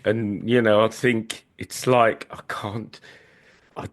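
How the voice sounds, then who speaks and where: A man's voice: fairly low pitch, level tone, slow pace. A man co-hosting a podcast, speaking thoughtfully and hesitantly, often repeating words as he looks for the right phrase. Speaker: podcast co-host. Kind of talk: casual chat.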